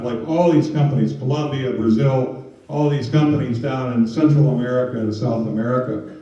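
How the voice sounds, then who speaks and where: Mellow man speaking in a roomy hall. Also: medium pitch, normal speed. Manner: conversational, with many fillers. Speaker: presenter on scams. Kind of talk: storytelling talk to an audience. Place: museum meeting room. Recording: roomy, distant, dull sound.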